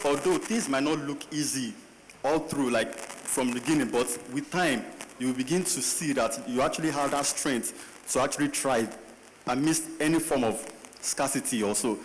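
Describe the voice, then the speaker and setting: A man's voice: mid-range voice, slight background noise. A man on a panel speaking earnestly in a preaching style and quoting scripture. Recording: long hall reverb, faint ambience.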